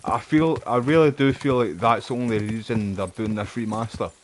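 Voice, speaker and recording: A man's voice: lowish voice, moderate pace, slight background noise. A Scottish man streaming a game live, swearing and egging on the fights between chatty asides. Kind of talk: live gameplay commentary. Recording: game audio in the background.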